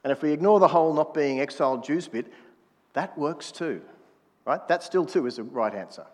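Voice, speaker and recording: A man's voice: fairly high pitch, lively intonation, normal speed, darkish tone, in a large hall. A man preaching a sermon in a conversational manner, prodding the congregation to answer back. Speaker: pastor.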